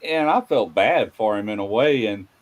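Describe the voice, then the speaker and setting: A man's voice: on the low side, animated, moderate pace, low-quality recording. A man from Mississippi, telling rambling stories in a casual chat, full of "anyway" and "you know.". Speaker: podcast host.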